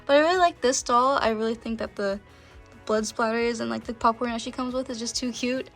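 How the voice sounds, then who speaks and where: A woman's voice: on the high side, brisk, a bit bright, faint music behind. A young woman vlogger chatting casually about her collection, gushing and full of filler words. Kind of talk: casual show-and-tell chat.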